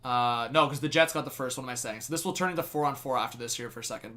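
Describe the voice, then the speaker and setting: Bright-voiced laughing hockey fan commentator. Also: male voice, medium pitch, rapid-fire, hardly any pauses. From Canada. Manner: laughs often, bursts into loud excited shouts on big plays. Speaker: hockey play-by-play streamer. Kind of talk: live fan play-by-play commentary.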